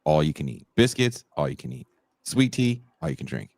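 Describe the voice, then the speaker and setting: A man co-hosting a casual podcast, talking in an animated, profane way and often breaking into laughs and shouts. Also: extremely low pitch, brisk, gravelly, no room sound. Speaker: podcast co-host. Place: home in Mexico.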